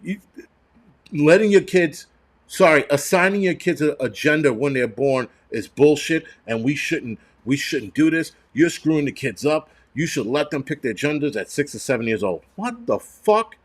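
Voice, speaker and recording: A man rants on a live stream, blunt and foul-mouthed, his voice sitting a little high. He trips over his own words, restarting and repeating himself as he fumes. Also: animated, normal speed. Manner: angry, profane and blunt. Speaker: livestream host.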